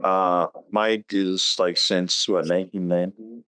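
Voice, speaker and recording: A man, a band's guitarist, telling the band's history in a relaxed, rambling way with many fillers. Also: sits low, unhurried, clean tone, no room sound. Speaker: band guitarist. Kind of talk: casual interview.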